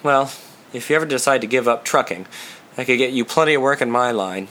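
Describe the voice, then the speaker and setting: Easygoing young male hustler, soft and frank, bright tone, read by a man. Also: medium pitch, a little fast, slight background noise, close to an everyday voice. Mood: relaxed. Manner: soft, relaxed delivery.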